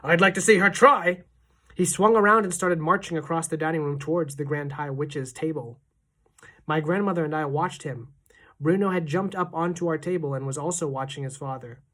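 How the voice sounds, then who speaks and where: A woman teacher reads a children's novel aloud to her class. Her narration is steady and expressive. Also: deep voice, a little fast.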